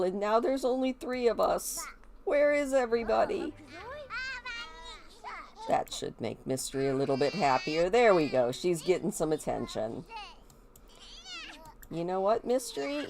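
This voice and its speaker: A woman with a medium-pitched, slightly mellow voice and a stuffy nose hosts a gameplay video. She chats casually while narrating a life-sim game and talking to its characters, with slight background noise.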